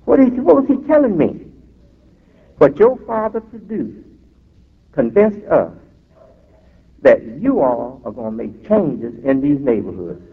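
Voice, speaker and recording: A man preaching a sermon as an imam, emphatic and drawn-out, breaking off for asides, heard through a tinny recording in a reverberant hall. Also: fairly high pitch, big pitch swings, vocal fry, breathy edge.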